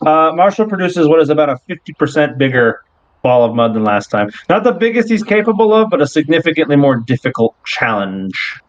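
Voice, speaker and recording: A man's voice: fairly high pitch, brisk, highs cut off. Laid-back male game master narrating. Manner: relaxed storytelling with fillers.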